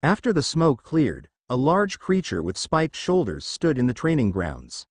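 A man narrating a fan fiction story in a brisk, matter-of-fact way. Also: medium pitch, huge pitch swings, breathy edge, dry recording.

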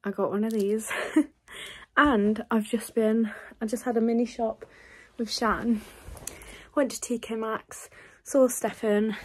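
A woman's voice: fairly high pitch, steady tone, a little slow. Chatty young woman vlogging. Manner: chatty, rambling, laughs often. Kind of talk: casual chat to camera.

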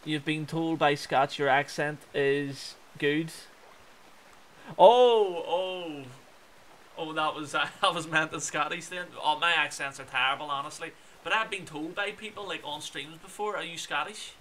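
A young man with a Belfast accent talks casually through a video game. He chats with viewers and breaks into exclamations at what happens on screen. His voice is bright and sits a little high, with a faint hiss behind it. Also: steady tone, normal speed, few pauses. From Northern Ireland. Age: 20s. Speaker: gaming streamer. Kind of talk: casual gameplay commentary chatting with viewers.

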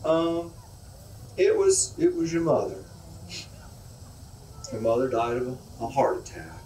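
A man's voice: mid-range voice, sing-song, unhurried, warm tone, slight background noise. Man doing a rambling, hesitant country neighbor. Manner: folksy drawl, rambling, ungrammatical country talk. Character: slow, hesitant rustic neighbor man, sorrowful. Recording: echoey hall from far off.

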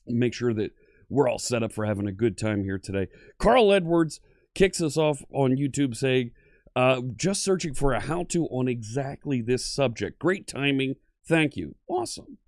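A man hosts a live-streamed coding lesson, cheerfully welcoming chat viewers by name. His voice is animated and swings widely in pitch. The sound is dry and close, with no room echo. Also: normal speed. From Pennsylvania. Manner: upbeat, friendly, greets viewers one by one.

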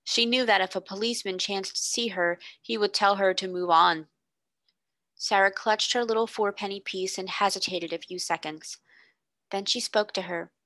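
A woman, a tutor, reading a children's novel aloud expressively, slowing on vivid words, on a close mic. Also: medium pitch, sharp tone, dry recording. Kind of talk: storybook reading.

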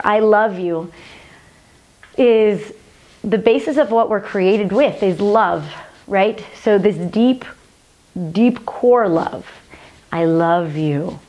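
Speaking to the camera, a woman teaches a healing practice in an earnest, gentle, medium-pitched voice. Each time she repeats the mantras, she slows down and softens.

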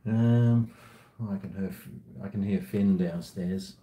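On a casual live stream from home, a man speaks slowly in a low, mellow voice with fairly even intonation. He rambles and swears freely, and his voice rings around an echoey room.

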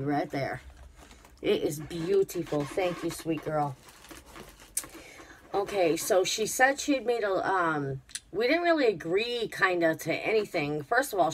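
A woman's voice: on the low side, slight background noise. A tired, unwell woman chatting to camera as a crafting vlogger, gushing over a parcel with many fillers. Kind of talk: casual unboxing chat to camera.

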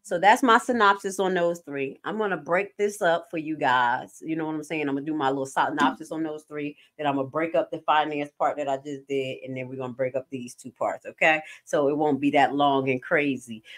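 A woman chatting casually on a livestream in slangy, animated, jokey talk with some swearing. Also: low voice, fairly quick. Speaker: night nurse and commentary streamer.

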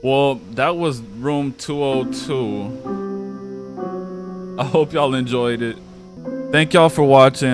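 A young man talks through a horror game slowly and unhurriedly, dropping curses and panicky reactions. Faint music plays behind him. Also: mid-range voice. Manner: profane, jumpy, panicky reactions. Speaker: gaming YouTuber.

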